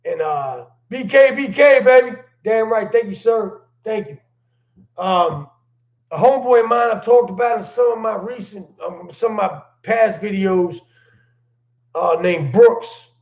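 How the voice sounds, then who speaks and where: Man with a high gravelly voice spinning slangy stories, echoey room, muffled lo-fi sound. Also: a little slow. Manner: laid-back slang-heavy storyteller, laughs while telling. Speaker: channel host telling prison stories. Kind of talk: casual livestream storytelling.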